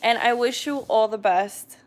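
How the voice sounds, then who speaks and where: A woman casually chatting on a live stream, reading viewer comments aloud and often clearing her throat. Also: on the high side, a little slow. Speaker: vlogger hosting a live stream.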